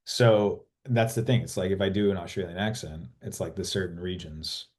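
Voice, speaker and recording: Low-voiced guy in an interview, rambling, restarts a lot, swears here and there. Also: normal speed, darkish tone. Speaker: actor guest. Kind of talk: casual interview chat.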